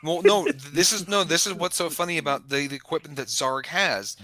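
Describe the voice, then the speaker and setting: A man's voice: a little high, very animated, brisk, sharp tone, slight background noise. A man running a tabletop game as game master, narrating in a rambling, self-correcting way.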